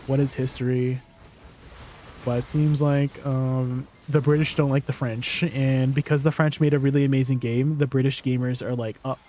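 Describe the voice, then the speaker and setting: A man's voice: medium pitch, level tone, moderate pace, hardly any pauses, mellow, slight background noise. A man chatting casually with his stream viewers, rambling and laughing often. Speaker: livestreamer.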